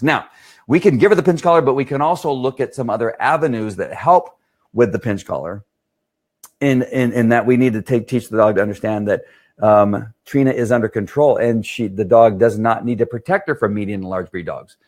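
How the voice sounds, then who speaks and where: A middle-aged man, a dog trainer, answering questions in a casual talk and often checking in with "right?". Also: medium pitch. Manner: chatty, keeps asking "right?".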